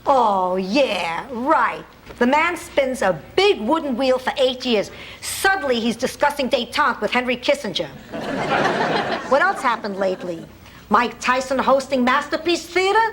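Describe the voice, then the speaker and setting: A blunt, sharp-tongued old mother. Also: sits high, expressive, unhurried, slight background noise. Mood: sarcastic. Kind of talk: sitcom acting.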